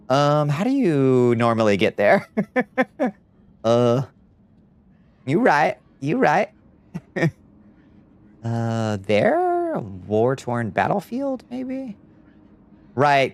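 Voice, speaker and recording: A man's voice: medium pitch, smooth. A young man streaming a video game live, chatting casually, answering chat and laughing easily. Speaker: VTuber streamer. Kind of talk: live-stream gameplay commentary.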